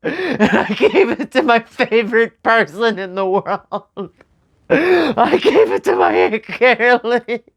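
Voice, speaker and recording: A young woman speaking slowly and tearfully in a personal memorial vlog, with soft nervous laughs. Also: a little high, big pitch swings, gravelly. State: crying. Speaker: vlogger.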